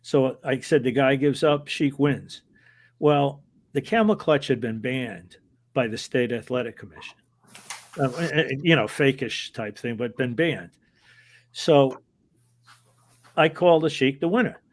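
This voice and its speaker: A man's voice: medium pitch, measured pace, long pauses. A man, a former wrestling referee, telling anecdotes in an interview in a hesitant, rambling way and chuckling as he goes. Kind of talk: casual anecdotal storytelling.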